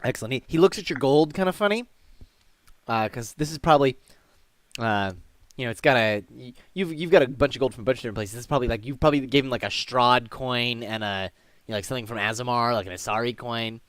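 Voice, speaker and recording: A man narrating as game master of a tabletop game, rambling through scene descriptions with plenty of fillers. His voice sits at an ordinary middle pitch. The recording is dry, with no room echo. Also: fast, a bit bright.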